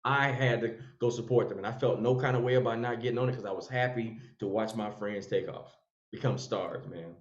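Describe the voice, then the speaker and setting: A man's voice: lowish voice, a little fast, reverberant, dull audio. A man, a comedian guest on an interview show, telling jokey stories in casual slang. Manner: joking, slangy, warm-hearted storytelling.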